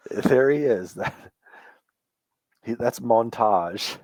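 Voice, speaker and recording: A man's voice: medium pitch, takes it slowly, darkish tone, no echo. A man co-hosting a casual podcast chat about wrestling, easygoing, cracking dry jokes. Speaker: podcast co-host.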